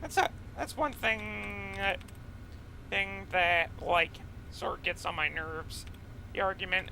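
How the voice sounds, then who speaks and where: A man with a high, gravelly voice talks through a video game in a loose, rambling way, drifting from topic to topic. His tone is bright and forceful, and he takes his time with an unhurried pace. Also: lively intonation, a little hiss or hum, low-quality recording. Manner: rambling, chatty, goes off on tangents. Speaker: let's play gamer. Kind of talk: casual gameplay commentary.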